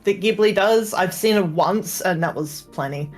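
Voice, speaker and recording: A woman on voice chat with friends, talking casually in a low-key, hedging way. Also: moderate pace, faint music behind.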